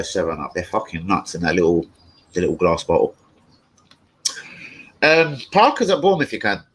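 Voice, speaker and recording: A young man chatting casually and excitably on a live stream, swearing freely as he reads chat. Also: mid-range voice, poor audio. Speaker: fan channel live streamer.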